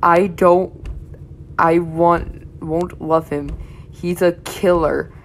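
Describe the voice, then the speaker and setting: A woman's voice: on the low side, fairly even intonation, very slow, a little hiss or hum. A young woman reading fan fiction aloud with blunt, swear-heavy running commentary. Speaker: reaction channel host.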